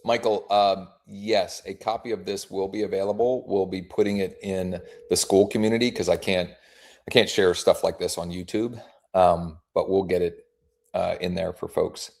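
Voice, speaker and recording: A man's voice: sits low, fairly even intonation, moderate pace, gravelly, darkish tone. A man who works as a real estate agent, running a live workshop and making friendly, informal phone calls to leads.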